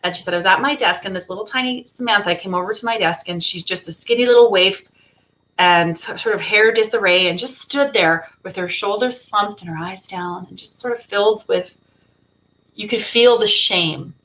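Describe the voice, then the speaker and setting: A woman co-hosting a live online summit, telling a heartfelt story in an expressive, conversational way over a video call. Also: medium pitch, moderate pace, low-quality recording. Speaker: co-host. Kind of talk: casual chat.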